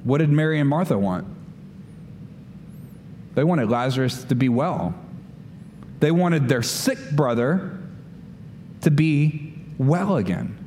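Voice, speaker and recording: A man preaching a sermon with a somewhat high voice, his words ringing with long reverb in a church hall. He preaches in an animated way and slips into the voices of the people in the story. Faint room noise sits under him. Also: slow pace, long pauses. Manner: animated preaching, acts out voices of Bible figures. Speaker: pastor.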